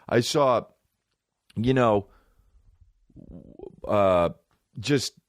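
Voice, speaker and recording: A man's voice: on the low side, very slow, no echo, clean studio sound. A man hosting a podcast, delivering a heated, profane rant with emphatic repetition. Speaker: podcast host and comedian. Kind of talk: profane ranting monologue.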